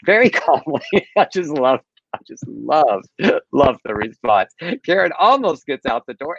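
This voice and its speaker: Co-hosting a casual news chat podcast, a man retells stories in a gossipy way, laughing as he goes and sounding very animated. His medium-pitched voice has vocal fry and a measured pace. The recording is dry, with a dull lo-fi sound.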